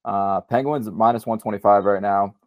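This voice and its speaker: A man's voice: on the low side, fairly even intonation, moderate pace, dry recording, narrow, tinny audio. A man co-hosting a casual podcast, teasing his friends and talking with plenty of fillers. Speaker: podcast co-host. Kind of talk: casual sports-betting chat.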